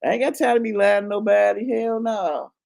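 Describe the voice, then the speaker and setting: A woman's voice: medium pitch, steady tone, a little fast, creaky, a little mellow. A woman in her fifties telling a story in a casual chat, frank and profane, laughing as she goes. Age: 50s. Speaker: channel host.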